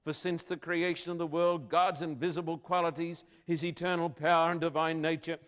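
A middle-aged man preaching a sermon, emphatic, asking rhetorical questions and swinging between loud declarations and quiet lines. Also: on the high side, level tone, a little fast.

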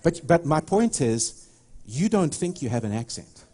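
A middle-aged pastor with a South African accent preaches a sermon, rambling through stories with many restarts. His voice is on the high side, warm and husky, and very animated, though a little slow.

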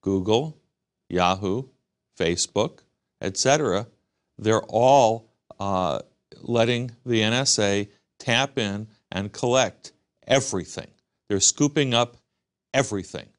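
A man's voice: on the low side, takes it slowly, long pauses. A man from the United States, a guest in an interview, speaking emphatically and repeating words in lists. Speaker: guest commentator. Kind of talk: interview answers.

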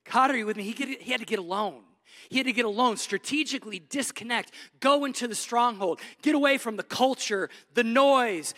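High, bright-voiced preacher in a reverberant hall. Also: male voice. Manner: preaches with big swings between loud emphasis and hushed softness. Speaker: pastor. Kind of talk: sermon. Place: church sanctuary.

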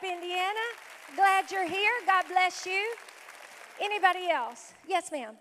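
Woman pastor, high voice, effusive greeter, reverberant sanctuary with a faint crowd. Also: unhurried, bright, forceful tone, a little hiss or hum. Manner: exuberant, punctuated with praise exclamations. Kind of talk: welcoming visitors from the pulpit. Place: church sanctuary. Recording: reverberant hall with a faint congregation.

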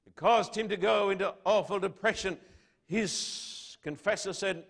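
A man preaching a sermon to his congregation, asking rhetorical questions and swinging between loud declarations and hushed lines. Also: sits high, unhurried, gravelly. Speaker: pastor.

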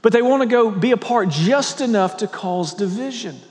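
Pastor preaching in a reverberant hall. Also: male voice, high voice, expressive, a little mellow. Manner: reads scripture slowly, tells stories with quoted dialogue. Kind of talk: sermon. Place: church sanctuary. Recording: long reverb in a church hall.

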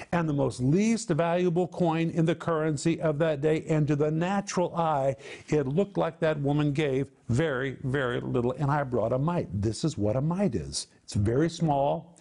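A man's voice: fairly high pitch, warm tone. A man presenting a televised Bible teaching, explaining word meanings with emphatic repetition.

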